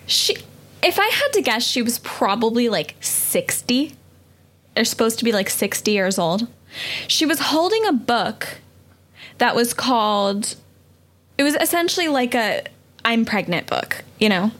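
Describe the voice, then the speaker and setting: Rambling woman with a higher voice. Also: sing-song, unhurried, fairly bright tone. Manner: rambling, apologetic, lots of fillers. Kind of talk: casual podcast chat.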